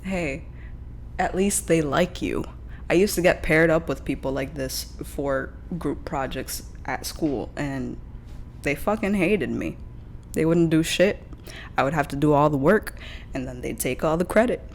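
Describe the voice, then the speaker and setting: A young woman with a notably deep voice streams her reactions in casual, blunt commentary. She tosses out wry, profane asides between clips, with faint noise underneath. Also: animated, unhurried.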